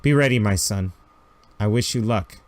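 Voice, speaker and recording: A man voicing a gentle, dignified tribal mother in a tabletop game, speaking softly and calmly. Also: lightly acted. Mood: calm tender. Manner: soft, measured, lower and quieter.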